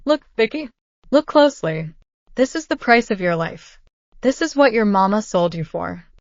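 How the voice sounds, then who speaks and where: A woman's voice: fairly high pitch, animated, normal speed, no echo. A cruel, scheming husband who sneers and mocks, as a woman narrator reads his lines. The voice stays close to her own middle register. It is a dry, slightly muffled recording. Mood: sneering.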